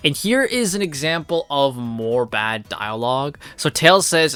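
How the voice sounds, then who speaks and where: A man's voice: a little high, lively intonation, moderate pace, few pauses, a bit bright, no room sound. A man giving a casual, rambling review of a comic, full of fillers and blunt swearing.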